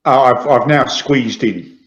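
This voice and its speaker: A man's voice: mid-range voice, slow. A man playing in a tabletop game, talking playfully and animatedly. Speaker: player. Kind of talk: casual chat in a tabletop game. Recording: echoey, dull lo-fi mic.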